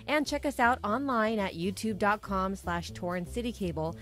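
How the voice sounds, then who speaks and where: A woman announcer reading a scripted closing voice-over, clear and informative. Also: mid-range voice, lively intonation, moderate pace, a bit bright, faint music behind.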